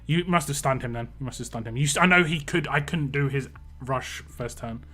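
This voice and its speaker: A young man live-streaming a mobile game, chatting casually, greeting viewers by name and getting excitable over lucky rolls. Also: medium pitch, fairly quick, faint music behind. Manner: excitable when hoping for lucky results. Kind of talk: live-stream gameplay chat.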